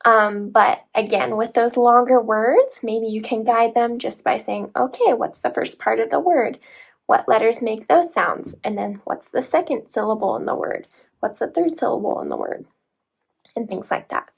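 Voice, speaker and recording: Woman, kindergarten teacher, parent tutorial, fairly high voice, vocal fry. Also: expressive, normal speed. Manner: explanatory, breaking words into parts.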